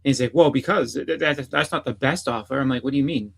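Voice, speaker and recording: A man's voice: mid-range voice, quick pace, gravelly, a bit bright, husky, poor audio. A man on a casual podcast telling a long rambling story, repeating "I was like" and swearing freely. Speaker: podcast co-host.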